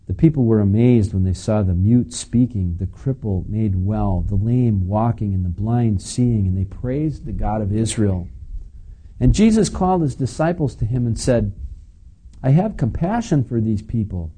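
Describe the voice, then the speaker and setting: Husky, dark-voiced man preaching. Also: lowish voice, lively intonation, moderate pace, low-quality recording. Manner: conversational, asides to the congregation. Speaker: pastor. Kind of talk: sermon teaching.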